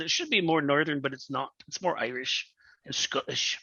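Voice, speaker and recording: A man's voice: fairly high pitch, animated, normal speed, noisy background. A man hosting a casual chat on a video call, joking and self-deprecating. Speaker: podcast host. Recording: dull lo-fi audio.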